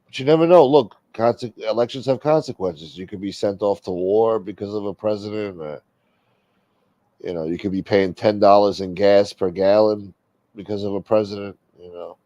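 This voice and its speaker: Man, low voice, profane rambling host, dry dull lo-fi sound. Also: normal speed, warm tone, dry recording. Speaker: livestream host. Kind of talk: casual livestream talk. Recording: dull lo-fi stream audio.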